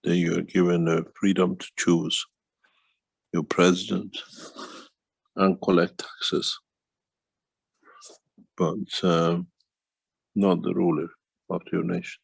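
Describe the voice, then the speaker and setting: A man speaking as a guest in a casual conversation, slow and rambling, sometimes dropping plural endings. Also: low-pitched, level tone, creaky, husky, no echo, low-quality recording.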